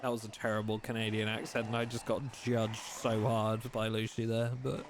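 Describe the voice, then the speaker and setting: A young man chatting casually while streaming a survival game, reading chat aloud and thinking out loud. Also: lowish voice, completely flat delivery, normal speed, noisy background. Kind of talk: casual live-stream commentary.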